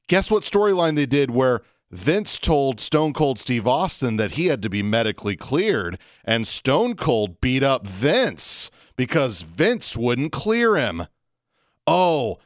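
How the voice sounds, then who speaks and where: A man co-hosting a wrestling podcast, ranting emphatically and slowing down to hammer his points home. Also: mid-range voice, sing-song, a bit bright, dry recording, clean studio sound. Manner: emphatic, slows down to stress points. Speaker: podcast co-host. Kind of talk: casual wrestling podcast rant.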